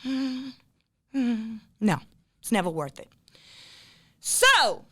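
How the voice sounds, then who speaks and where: A woman with a New England accent hosting a podcast, blunt and profane, breaking into shouts when she gets worked up. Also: medium pitch, expressive, normal speed, dry recording, clean studio sound. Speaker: podcast host. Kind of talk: casual podcast chat.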